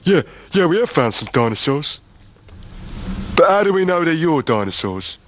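A man's voice: a little high, sing-song, moderate pace, a little hiss or hum, pitched above the performer's own voice. A man voicing a friendly, matter-of-fact station lost-property man in a read-aloud story.

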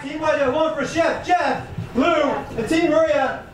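A man's voice: very high-pitched, measured pace, noisy background. A man hosting a live joke contest, announcing categories and calling up each comedian. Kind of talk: live emcee banter. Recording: echoey room with loud crowd.

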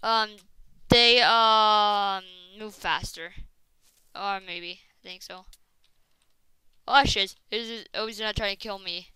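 A woman giving casual gameplay commentary, rambling with many fillers and breaking into excited shrieks and exclamations. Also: mid-range voice, takes it slowly, long pauses, clean tone, no room sound, poor audio. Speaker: gaming video host.

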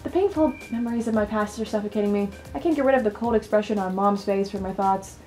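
A woman's voice: medium pitch, fast talker, darkish tone, soft background music, natural voice. A woman reading the part of an overworked young female college student, in a plain, subdued way. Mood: weary. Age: young adult. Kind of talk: reading game dialogue aloud.

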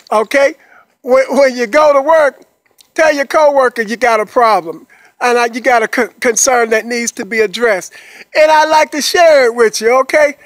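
A man with a high, light voice delivers a cheerful pep talk straight to his listeners. He repeats himself in a coaxing rhythm, keeps checking that they are with him, and laughs playfully between points. The recording is close and dry, with no room sound. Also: dry recording. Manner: repetitive and coaxing, checks in with the listener after nearly every phrase. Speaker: motivational speaker. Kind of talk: upbeat motivational monologue.

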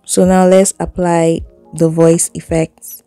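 Woman walking thru an editing app, lowish voice, chill chatty explaining, faint music behind. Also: level tone, slow, dark tone, clear, resonant tone, dry recording. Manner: chatty step-by-step explaining, little laughs. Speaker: video editing tutor. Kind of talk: casual screen tutorial. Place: indoors, seated at home.

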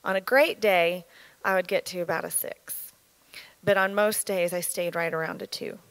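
A woman in her thirties giving an earnest, candid personal testimony as a church speaker, speaking in a measured way. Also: on the low side, fairly bright tone, dry recording, poor audio.

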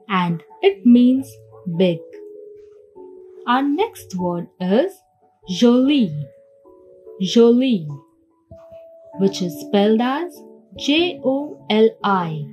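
Brief: woman language teacher, deliberate classroom delivery, lively intonation, soft music bed. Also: medium pitch, muffled recording. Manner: slow and deliberate, spells letter by letter. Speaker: French teacher. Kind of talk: slow classroom lesson, spelling words aloud.

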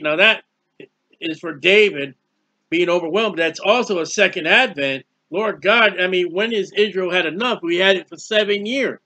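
Earnest high-voiced man preaching scripture. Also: normal speed, bright, forceful tone. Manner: earnest, rambling, reads scripture aloud. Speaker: Bible teacher. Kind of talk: informal Bible study sermon. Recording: dull lo-fi recording.

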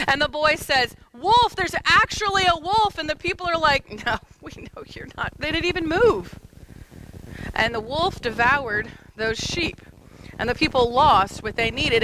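A woman's voice: a little high, pushed and bright, poor audio. Woman pastor, sermon, storytelling, faint background noise. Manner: storytelling, lightly humorous, addressing kids directly. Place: church sanctuary.

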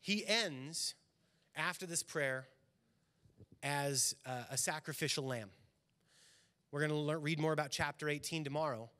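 A man's voice: a little high, measured pace, pauses often, sharp tone. A man preaching a sermon as pastor in a church, earnest and building emphasis on key lines. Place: church sanctuary.

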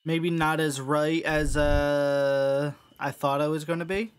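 A gaming streamer giving casual, chatty commentary while playing a horror game, self-mocking and quick to laugh. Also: medium pitch, fairly even intonation, smooth. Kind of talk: casual let's-play commentary.

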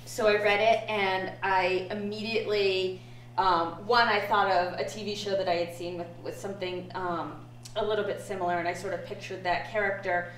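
Woman director chatting, calm and diplomatic, lots of ums, roomy sound w faint hum, far from mic. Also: mid-range voice. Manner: measured and diplomatic, thinks aloud with ums. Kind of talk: casual chat. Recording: echoey room, distant mic, faint hum.

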